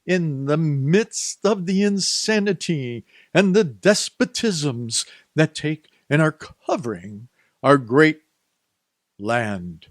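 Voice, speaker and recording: A male talk radio host with a Northeast Ohio accent delivers a sarcastic, scolding rant. His voice sits a little higher than most men's. The sound is dry and close, with no room echo. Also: expressive, slow pace.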